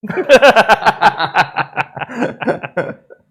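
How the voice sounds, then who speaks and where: A man's voice: high voice, expressive, drawn-out words, bright, forceful tone, husky. A young man, a tattoo artist, chatting casually on a live stream while he works, laughing often and thanking viewers. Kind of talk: casual livestream chat while working.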